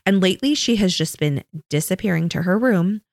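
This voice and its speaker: A woman in her thirties co-hosting a podcast, chatting casually and telling animated stories about her kids. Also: brisk, vocal fry, no room sound, studio quality. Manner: animated storytelling, imitates her kids in high voices. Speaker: podcast co-host. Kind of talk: casual chat.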